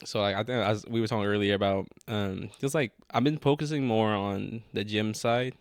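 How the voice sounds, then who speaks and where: A man's voice: on the low side, moderate pace, no room sound, studio quality. A man in his twenties co-hosting a podcast in casual chat, easygoing and full of fillers. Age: 20s. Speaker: podcast co-host.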